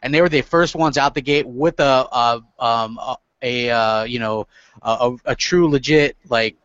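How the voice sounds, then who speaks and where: A man's voice: medium pitch, moderate pace, a bit bright, no room sound. A man rambles casually on a podcast, full of fillers and restarts. The sound is dry and muffled. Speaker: podcast panelist. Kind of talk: casual chat. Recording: dull lo-fi sound.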